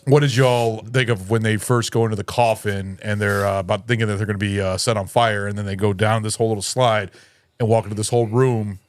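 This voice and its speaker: A man co-hosts a casual film podcast. He steers the talk with rambling questions and talks quickly. His voice is recorded dry and close. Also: on the low side, steady tone, no room sound. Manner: leads discussion with questions, rambling. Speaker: podcast co-host. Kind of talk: casual chat.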